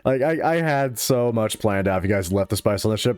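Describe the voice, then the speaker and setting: A man's voice: medium pitch, expressive, quick pace, hardly any pauses, darkish tone, soft background music. A man narrating as game master of a tabletop game, laughing often between lines.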